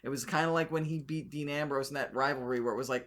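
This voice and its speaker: A man co-hosting a podcast in casual chat, talking fast and acting out quotes in an animated way. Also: medium pitch. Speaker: podcast co-host.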